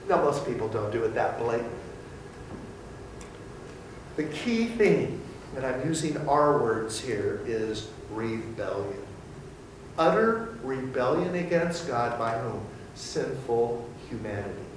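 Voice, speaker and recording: Animated man teaching a Bible study. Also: medium pitch, slow pace, slight background noise. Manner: animated and theatrical, acting out voices. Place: room with a small group. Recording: echoey room from far off.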